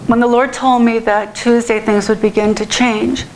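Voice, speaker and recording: A woman's voice: fairly high pitch, level tone, moderate pace, darkish tone, slight background noise, low-quality recording. A woman pastor giving a heartfelt, earnest sermon in a church, often restarting her sentences.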